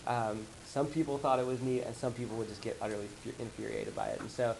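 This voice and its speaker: A man giving a casual slideshow talk to colleagues, rambling and animated as he tells stories. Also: mid-range voice, quick pace, creaky, slight background noise, rough recording. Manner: rambling, animated storytelling with acted-out quotes. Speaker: presenter. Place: office meeting room.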